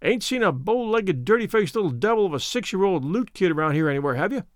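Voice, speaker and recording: A man's voice: high-pitched, lively intonation, quick pace, dry recording, clean studio sound. A man voicing a pompous, henpecked old army major who blusters in an audiobook reading. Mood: blustering.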